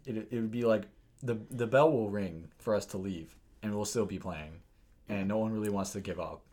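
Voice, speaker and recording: A man's voice: lowish voice, moderate pace, darkish tone, slightly rough. A teenage boy co-hosting a casual podcast chat, swearing a lot and acting out angry players. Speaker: podcast co-host.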